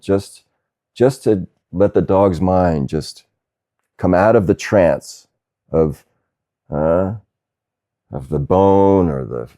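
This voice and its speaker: A man speaking as a spiritual teacher in a satsang talk, gentle and unhurried, with soft laughs and a questioning "huh?". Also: deep voice. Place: Asheville, North Carolina.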